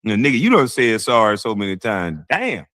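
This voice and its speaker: A man's voice: fairly low pitch, moderate pace. A man hosting a casual livestream, reacting to a clip with mocking, blunt commentary and frequent laughter. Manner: mocking, animated, laughs often, blunt slang. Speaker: streamer, show host.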